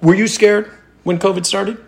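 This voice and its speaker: Male podcast host, mid-pitched, playful, quick jokes. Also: steady tone, vocal fry. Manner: playful, jokey, quick asides. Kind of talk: casual chat.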